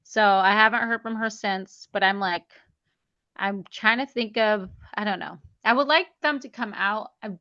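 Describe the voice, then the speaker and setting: A woman's voice: medium pitch, normal speed, bright, forceful tone, no echo, dull audio. A woman guest on an interview podcast, chatty and full of "like"s, who acts out the dialogue she quotes while telling her story. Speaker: guest, memoir author.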